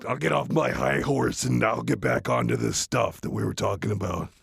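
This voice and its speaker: A man giving a rambling, deadpan comic monologue full of restarts and asides, close to the mic. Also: mid-range voice, normal speed, creaky, breathy edge, no room sound. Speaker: comedian doing a parody reading.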